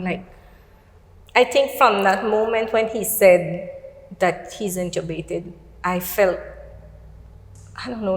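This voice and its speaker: A middle-aged Belizean woman tells her story earnestly at an even, mid-range pitch, often slipping into quoted dialogue. Her voice rings with the echo of a roomy space and a long reverb tail. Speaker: guest. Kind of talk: personal testimony in a faith talk show.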